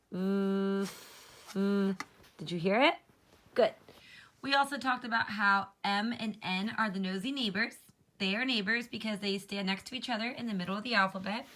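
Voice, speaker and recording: A woman teacher giving a slow, clear phonics lesson to young children, modeling each letter sound and inviting them to try it with her. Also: medium pitch, a bit bright.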